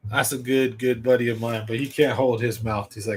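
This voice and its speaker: A man hosts a live fishing stream in an easygoing, rambling way. His voice sits at a middle pitch. He chats loosely and speaks straight to the people watching. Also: flat delivery, normal speed, husky, poor audio. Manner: rambling, chatty, talks straight to viewers. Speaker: fishing livestream host. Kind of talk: casual livestream chat.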